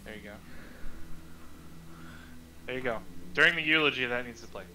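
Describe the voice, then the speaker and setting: A man's voice: medium pitch, normal speed, sharp tone, a little hiss or hum, rough recording. Easygoing man thinking aloud on a call. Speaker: tabletop game player. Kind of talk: casual out-of-character chat.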